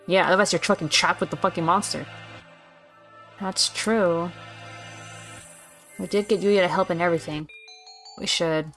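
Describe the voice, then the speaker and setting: A woman's voice: fairly low pitch, steady tone, normal speed, pauses often, fairly bright tone, soft background music. A young woman streaming a game, reading its lines aloud and commenting casually with plenty of swearing.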